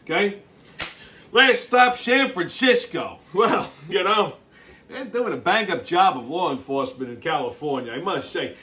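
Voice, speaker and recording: Male host, foul-mouthed ranter, high and bright voice, exasperated. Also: animated, measured pace. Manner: loud, exasperated, swearing constantly, laughing at the news. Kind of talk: profane rant-style commentary.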